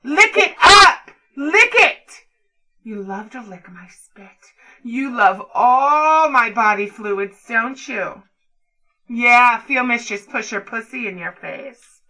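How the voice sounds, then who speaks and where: A woman with a fairly high, bright voice performs an adult role-play. She talks slowly and deliberately, giving commands in a taunting, dominant manner. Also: poor audio. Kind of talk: erotic audio role-play.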